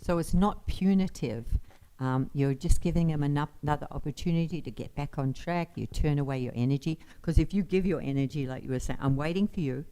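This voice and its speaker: Female seminar co-presenter, warm smooth voice, easy and supportive. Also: sits low, a little fast, few pauses. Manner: supportive, echoes and affirms her co-presenter. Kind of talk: informal teaching talk.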